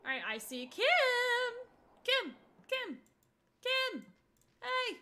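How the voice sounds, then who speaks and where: Woman streamer, high and bright, giggly casual gameplay chatter. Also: sing-song, very slow. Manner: giggly, chatty, reacts aloud to characters.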